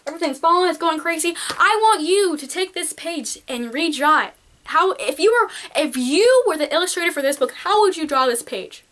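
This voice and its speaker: A woman's voice: very high voice, animated, normal speed, a bit bright. A teenage girl giving casual, peppy, encouraging art advice straight to her viewers. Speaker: art vlogger. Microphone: camcorder mic.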